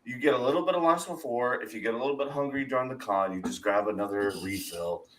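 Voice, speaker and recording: A man co-hosting a podcast in casual chat, joking and animated. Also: medium pitch, fast talker, low-quality recording. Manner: joking, animated, laughs easily. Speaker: podcast co-host.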